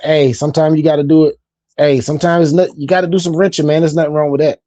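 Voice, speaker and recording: A man's voice: fairly high pitch, fairly even intonation, fast, mellow, no room sound. A man hosting a casual hobby live stream, chatting in a laid-back, talkative way and often repeating his phrases. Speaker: livestream host.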